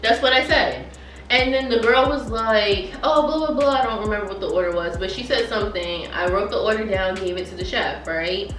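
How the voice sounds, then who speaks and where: A young woman telling a story on her vlog while eating, in an animated, slangy, emphatic way. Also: medium pitch, a little fast, roomy sound, distant mic, soft background music, rough recording. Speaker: vlogger.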